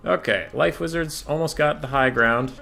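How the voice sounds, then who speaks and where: A man's voice: a little high, moderate pace, vocal fry, pushed and bright. A young man commentating his own strategy game match, sarcastic and profane, sometimes breaking into outbursts at his units. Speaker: gamer streamer. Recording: faint game music behind.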